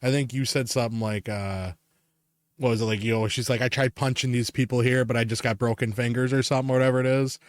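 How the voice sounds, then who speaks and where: Man, podcast co-host, casual storytelling, profane, laughs a lot, mid pitch, dry close sound. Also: fairly even intonation, fast talker, no room sound.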